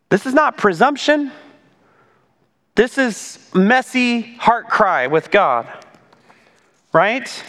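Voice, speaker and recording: This pastor has a high, sharp-toned voice and preaches conversationally, leaning on asides, rhetorical questions, and repeated "right?" The recording carries the long reverb of a large hall.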